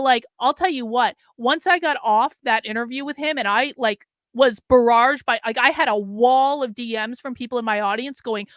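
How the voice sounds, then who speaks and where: A middle-aged woman hosts her own show alone, rambling through her thoughts with lots of fillers, exasperated and drained. Her voice sits a little high and sounds bright and forward. It is recorded dry and close. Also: dry recording. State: drained and low on energy. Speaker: host. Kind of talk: casual solo commentary.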